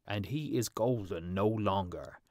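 A man voicing a pompous, self-important middle-aged town mayor in a storybook reading, speaking loudly and emphatically. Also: on the low side, measured pace, dry recording, clean studio sound, lightly acted.

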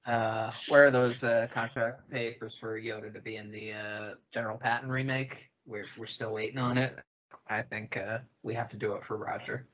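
Bright-voiced playful man, lo-fi. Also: mid-range voice, little pitch movement, normal speed. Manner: playful, joking, reads quotes with asides. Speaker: podcast co-host. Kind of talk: casual chat, reading reviews aloud. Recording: dull lo-fi sound.

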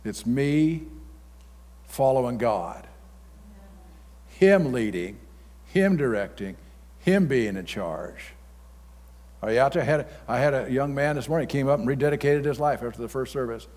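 A man's voice: medium pitch, lively intonation, a little slow, long pauses. A man pastor preaching a sermon in a folksy, blunt manner. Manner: folksy, blunt preaching with sudden loud outbursts. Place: large church hall. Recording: long reverb of a church hall.

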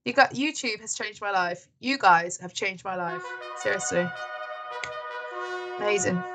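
A woman's voice: medium pitch, a little slow, fairly bright tone, soft background music. A young British woman chatting casually and bubbly over a let's-play, giggling often. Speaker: gaming YouTuber.

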